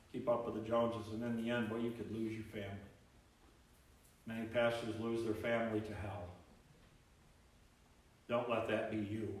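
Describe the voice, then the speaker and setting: A man preaching a sermon as pastor, animated, acting out voices from the Bible story. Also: lowish voice. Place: church sanctuary. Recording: very echoey church, mic at distance.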